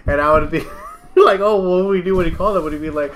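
Rambling, laughing man with a higher voice. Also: fast talker, echoey room, crowd noise. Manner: rambling, laughs between lines. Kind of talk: casual podcast chat.

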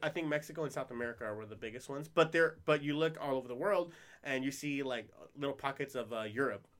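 A man in his thirties hosting a casual podcast chat, an animated, profane storyteller who laughs often. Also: mid-range voice, fast. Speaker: podcast host.

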